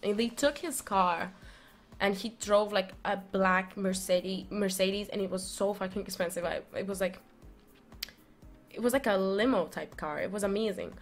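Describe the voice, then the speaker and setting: Young woman, casual storytelling, animated, restarts a lot, faint background music. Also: medium pitch, moderate pace. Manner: rambling, animated, many fillers and restarts. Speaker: vlogger.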